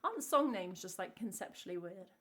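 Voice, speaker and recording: A woman's voice: medium pitch, animated, fairly quick, very noisy. An English woman from England, a singer-songwriter chatting casually between songs on her live stream, rambling and full of "like" fillers.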